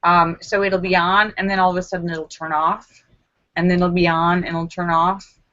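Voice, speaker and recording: A woman vlogger telling a story to camera in a casual, animated way, acting out her own screams and lines of dialogue. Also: fairly low pitch, moderate pace, muffled recording.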